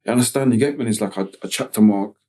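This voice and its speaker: A man from Tottenham with a North London accent, telling a personal story as a podcast guest in slangy, halting speech full of "you get me" tags. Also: on the low side, warm tone. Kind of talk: casual storytelling interview.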